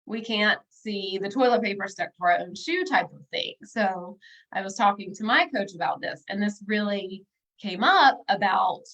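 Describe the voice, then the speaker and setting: A woman in her thirties chats to her viewers in a relaxed, upbeat way, filling her pauses with frequent "um"s. Her voice sits at a middle pitch. The livestream audio comes through a computer mic and sounds a little dull and lo-fi. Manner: chatty and upbeat, with frequent fillers, speaking directly to viewers. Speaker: bookkeeper and business coach. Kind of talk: casual livestream talk.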